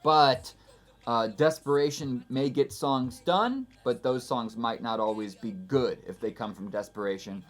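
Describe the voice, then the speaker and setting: A man's voice: mid-range voice, a little slow. A man casually talking through the making of his own album in a studio, rambling and self-deprecating, full of fillers and restarts. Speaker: musician giving album commentary. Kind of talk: casual spoken commentary. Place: recording studio.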